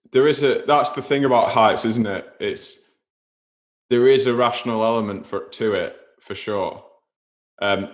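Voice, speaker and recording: Low-voiced man hosting a podcast. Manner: thoughtful, reflective questions. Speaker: podcast host. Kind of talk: casual interview chat.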